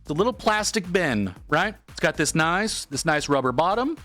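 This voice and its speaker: Rambling man with a bright voice. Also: fairly high pitch, moderate pace, faint music behind. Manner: rambling, animated retelling with quoted voices. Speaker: streamer. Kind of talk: casual storytelling to stream chat.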